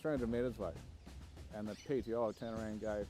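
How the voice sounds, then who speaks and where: A man's voice: lowish voice, fairly even intonation, fast talker, warm tone, faint music behind. A man, recalling his army training in a casual, wry documentary interview, with frequent "um"s and "and"s. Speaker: former army recruit, interviewee. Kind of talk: documentary interview, anecdotal recollection.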